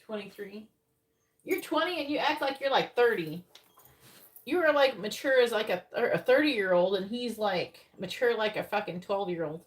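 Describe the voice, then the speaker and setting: A woman reads tarot live in an easy, chatty way, her voice sitting at an ordinary middle pitch. She names each card in a quick, low mutter, then turns blunt and profane about what it means. She laughs often along the way. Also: animated. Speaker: psychic tarot reader. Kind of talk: live-streamed tarot reading, casual chat.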